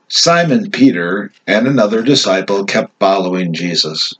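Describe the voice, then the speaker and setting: A man giving a scripted Bible reading, measured and solemn. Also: lowish voice, lively intonation, a bit bright, husky, rough recording. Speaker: scripture reader.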